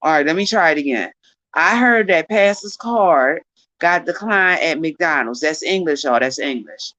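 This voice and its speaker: A woman in a casual chat, eagerly repeating phrases and playfully pushing her friend to slow down. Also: low-pitched, lively intonation, fairly bright tone, dry recording, muffled recording. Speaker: co-host learning phrases.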